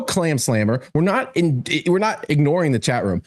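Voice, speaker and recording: A man's voice: mid-range voice, expressive, normal speed, few pauses, darkish tone. A man co-hosting a sports podcast, chatting casually in a sarcastic, joking way. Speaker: podcast co-host.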